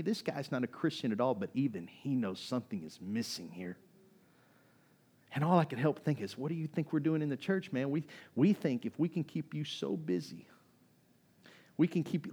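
A male pastor preaching a sermon, swinging between loud fervent peaks and soft, low asides, talking conversationally with restarts and repeated words.

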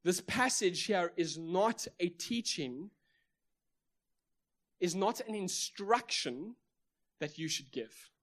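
A South African man with a South African accent preaching a sermon, emphatic, with repeated phrases and rhetorical questions. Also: high-pitched. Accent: South African English. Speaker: pastor.

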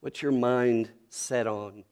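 Middle-aged pastor preaching, earnest, tells stories then presses questions. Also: male voice, medium pitch, fairly even intonation, slow, a little mellow. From North Carolina. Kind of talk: sermon.

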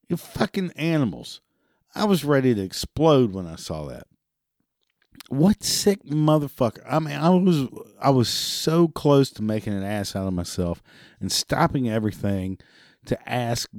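A man's voice: lowish voice, darkish tone, no room sound, studio quality. A man delivering a profane, exasperated monologue rant. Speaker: ranting commentator.

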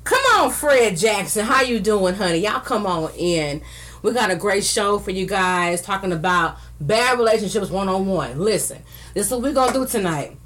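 A woman hosts a live podcast talk show at an ordinary, middling pitch. She talks in an effusive, playful way, calling out listeners by name and laughing easily between lines. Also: animated, normal speed, a bit bright. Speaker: podcast host.

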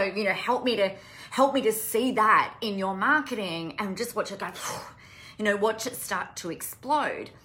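Bright-voiced, blunt woman coach. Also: medium pitch. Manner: impassioned and blunt, swears freely. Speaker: business and marketing coach. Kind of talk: casual live-stream talk to camera.

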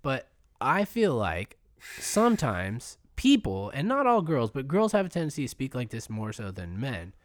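A man chatting casually and candidly, swearing freely and getting animated as he explains his point. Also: medium pitch, moderate pace, no room sound. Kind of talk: casual chat.

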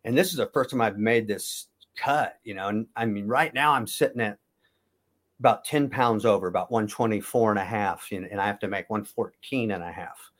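A man's voice: fairly low pitch, brisk, fairly bright tone. A man in his fifties from Kansas, a former wrestler telling long stories in a casual interview, often correcting himself as he goes. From Kansas, USA. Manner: rambling, self-correcting storyteller.

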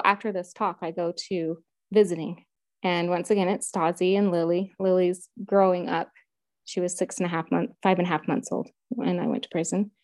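Woman, interview guest, earnest emotional storytelling, mellow tone. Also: on the low side, dry recording. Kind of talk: personal storytelling.

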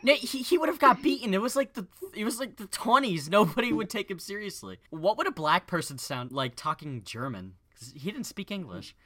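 A young adult co-hosting a casual podcast with friends, bantering fast, swearing often and laughing. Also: medium pitch, big pitch swings, bright, forceful tone. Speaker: podcast co-host. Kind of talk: casual chat.

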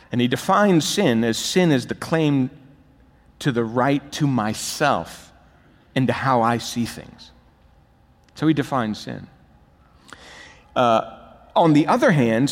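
A man preaching a sermon as pastor, emphatic and building to urgent, rising peaks. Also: mid-range voice. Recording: long reverb of a large hall.

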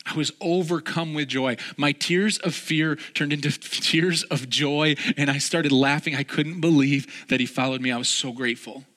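A man's voice: fairly high pitch, normal speed, hardly any pauses, a bit bright. A man preaching a sermon, telling a personal story and repeating key phrases with earnest emphasis.

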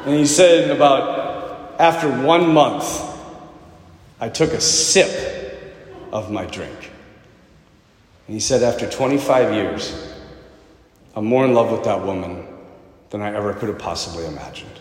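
A man preaching a sermon in a parish church, telling a story with swings from loud emphasis to hushed low tones. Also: measured pace, long pauses, echoey room, in a large hall.

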